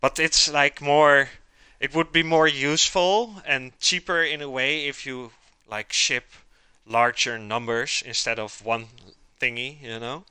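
A man's voice: mid-range voice, steady tone, measured pace, hardly any pauses, sharp tone, clean tone, no room sound. A man chatting casually to his live chat while he cooks, rambling as he goes. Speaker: streamer cooking live.

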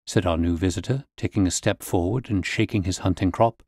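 A man narrating a classic story in a measured, clear reading. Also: sits low, expressive, a little mellow, no echo, clean studio sound.

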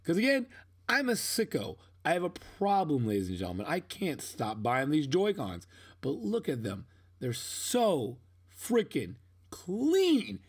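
A man's voice: on the high side, a little slow, husky. Rambling, self-mocking young man. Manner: rambling, self-mocking, with sudden excited outbursts. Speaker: unboxing vlogger. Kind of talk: casual voice-over commentary.

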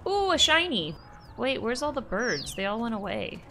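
Bright, animated young woman gamer. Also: fairly high pitch, normal speed, a little hiss or hum. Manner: animated, talks to game characters. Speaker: gaming streamer. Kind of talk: playful gameplay commentary.

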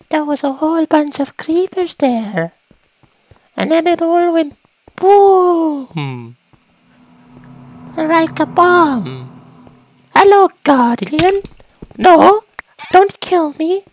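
A woman doing a high, squeaky voice of an excitable cartoon plumber while commentating a game. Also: very slow, pauses often, slight background noise, heavily acted. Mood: panicked. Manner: high squeaky panicked yelps. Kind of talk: gaming commentary.

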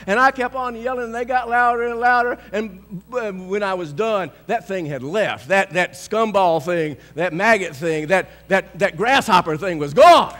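Male pastor, high bright voice, swinging pitch, animated sermon delivery with chuckles. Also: normal speed, few pauses, big-room sound. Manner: animated storytelling, shouting declarations, chuckling often.

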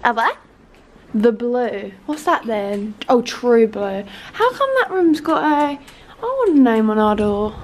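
A woman's voice: a little high, sing-song, slow, darkish tone, slight background noise. A young woman chatting playfully and bossing her friend around during a travel vlog. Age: young adult. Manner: bubbly, bossy, playful. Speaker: vlogger. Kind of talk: casual vlog chat. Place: city streets and hotel.

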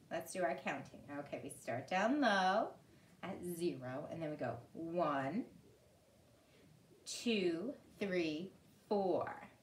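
Lady preschool teacher, sing-song and gentle, a bit far from the mic, roomy echo. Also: lowish voice. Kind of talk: online preschool lesson. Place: room at home. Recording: echoey room, distant mic, faint hiss.

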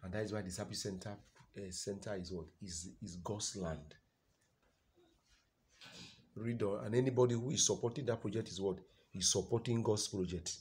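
A man's voice: fairly low pitch, normal speed, pauses often. Emphatic Nigerian man preaching a sermon. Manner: call-and-response questions, loud emphatic delivery.

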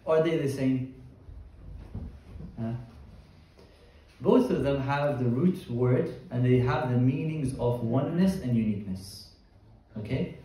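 A man's voice: medium pitch, a little slow, long pauses, warm tone, recorded from a distance. Man teaching a class, echoey room. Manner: explains terms step by step, quizzing students. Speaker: Islamic teacher. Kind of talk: Quran tafsir class.

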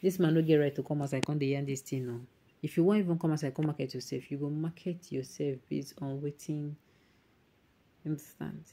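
A woman's voice: deep voice, fairly even intonation, fairly quick, warm tone, slight background noise. A woman with a Nigerian accent hosting an online news show, reading viewer comments aloud and mixing in emphatic Pidgin asides.

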